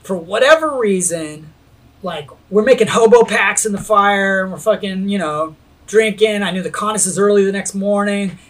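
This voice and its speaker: A man telling a skateboarding story in casual chat, animated, swearing freely and laughing as he goes. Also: sits high.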